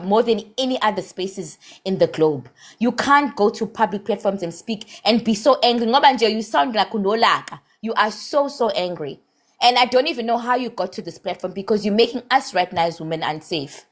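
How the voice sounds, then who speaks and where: A woman's voice: mid-range voice, animated, fairly quick. Impassioned South African woman scolding. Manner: impassioned and scolding, slips in Zulu words. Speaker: live stream participant. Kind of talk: heated live-stream debate.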